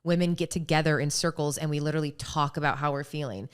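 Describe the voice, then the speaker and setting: A woman co-hosting a podcast in casual chat, lively, laughing often and acting out little bits as she talks. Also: deep voice, quick pace, clear, resonant tone.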